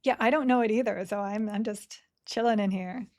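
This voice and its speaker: Streaming an online game, a woman with a medium-pitched, darkish voice keeps up casual chatter with viewers. She reads chat aloud and laughs frequently, speaking slowly so her words run together.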